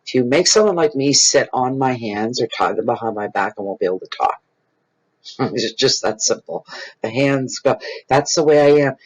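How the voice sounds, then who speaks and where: A man, hosting his own tarot channel and talking casually and off the cuff to viewers. He is expressive and rambling, and he repeats phrases for emphasis. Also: medium pitch, normal speed, breathy edge. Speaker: tarot reader and channel host. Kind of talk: casual improvised spiritual talk to viewers. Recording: dull lo-fi recording.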